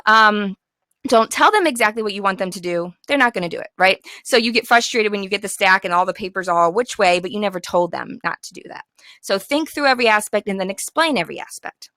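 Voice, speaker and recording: A woman's voice: medium pitch, a bit bright, dry recording. A young woman giving encouraging classroom management tips to fellow teachers, sometimes acting out the instructions she gives her class. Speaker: teacher trainer.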